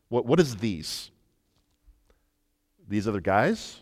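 A male preacher delivers a sermon in a lively storytelling manner. He often trips over his openings and repeats a word before he goes on. His mid-pitched voice rings with the long reverb of a large hall. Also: moderate pace. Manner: animated storytelling with frequent stammered restarts.

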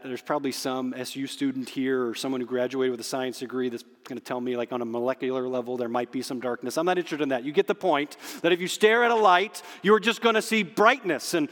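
A man preaching a sermon as pastor, emphatic and slowing down on key phrases. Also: medium pitch, a bit bright. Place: church sanctuary under stage spotlights. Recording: long hall reverb.

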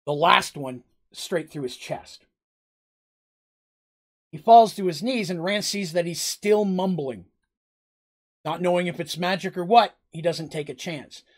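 Brief: tabletop game master, mid-pitch voice, vivid play-by-play of a fight, restarts phrases as he goes. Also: a little slow, pauses often. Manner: vivid, blow-by-blow combat storytelling with frequent restarts. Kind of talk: improvised narration of a tabletop game.

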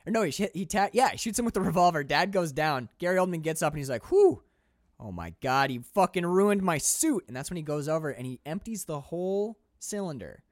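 A man co-hosting a casual podcast about films, animated and quick to act out lines from scenes. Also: fairly high pitch, no echo, studio quality. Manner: animated, acts out movie lines in quick voices. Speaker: podcast co-host. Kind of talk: casual film discussion.

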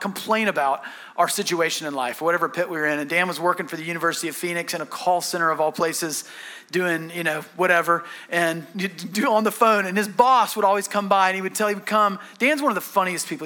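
A pastor with a high-pitched, bright, forceful voice preaches a sermon. He tells stories conversationally and often restarts his sentences.

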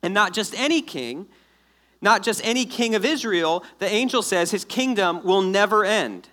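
A man preaching a sermon to his congregation, explaining scripture in a lively, joking way and acting out the people in the story. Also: high-pitched, normal speed. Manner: animated, jokey storytelling with acted-out asides. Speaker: pastor.

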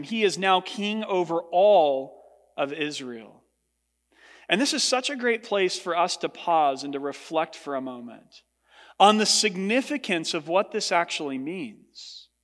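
A man's voice: lively intonation, measured pace, fairly bright tone. A man preaching a sermon as pastor to his congregation, earnest, his voice lifting when he voices what others said. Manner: earnest preaching, rising in pitch for quoted speech. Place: large church hall. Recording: long hall reverb.

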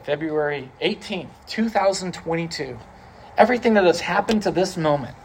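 A preacher delivering a sermon in an animated, conversational way, repeating phrases for emphasis. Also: medium pitch, a little hiss or hum.

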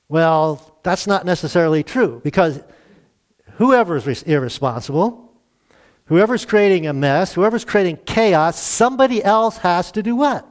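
Conversational pastor, slightly high voice. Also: male voice, animated, moderate pace. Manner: conversational preaching with rhetorical questions to the congregation. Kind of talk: sermon.

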